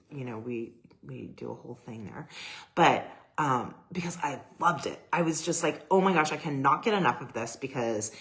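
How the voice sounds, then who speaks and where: Middle-aged woman photographer, low voice, chatty and gushing, lots of fillers and restarts. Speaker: boudoir photographer. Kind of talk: casual personal talk to camera.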